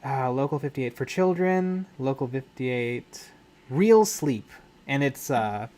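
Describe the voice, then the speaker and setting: Young male streamer, mid-pitched, loose rambling chat with frequent restarts. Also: lively intonation, takes it slowly, a little mellow. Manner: rambling, self-correcting, laughs often. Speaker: livestream host. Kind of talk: casual live-stream chat while painting.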